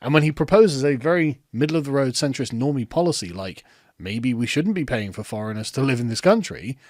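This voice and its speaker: A man's voice: mid-range voice, animated, brisk, a little mellow, dry recording, clean studio sound. A man hosting reaction commentary, ranting with sarcastic, profane mockery. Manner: sarcastic, profane, mocking, breaks into laughter. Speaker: commentary host.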